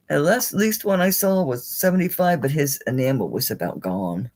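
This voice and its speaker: Chatty, animated woman selling jewelry live. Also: low voice, moderate pace, hardly any pauses, slight background noise. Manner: chatty and salty, with frequent mild swearing; animated, talking while handling and showing items. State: tired and yawning late in the stream. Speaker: live jewelry auction seller. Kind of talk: casual live-stream selling chat.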